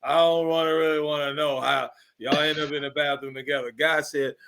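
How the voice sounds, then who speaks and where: A man's voice: a little high, level tone, a little fast, creaky, a bit bright, slight background noise. A man with a Missouri accent hosting a casual sports talk show, joking and teasing his co-hosts.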